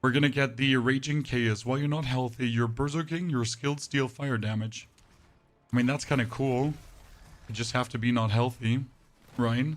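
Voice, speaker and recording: Brief: male game streamer, flat monotone chat, medium pitch, casual. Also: moderate pace. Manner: monotone, dry delivery. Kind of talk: casual live-stream chat while gaming.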